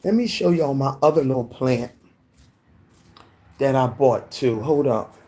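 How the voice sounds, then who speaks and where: A man's voice: mid-range voice, measured pace, dark tone. Chatty man on a live stream. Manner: chatty, greets viewers by name, laughs often. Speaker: livestream host. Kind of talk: casual live chat with viewers. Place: home, indoors then outside in the yard. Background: faint rain.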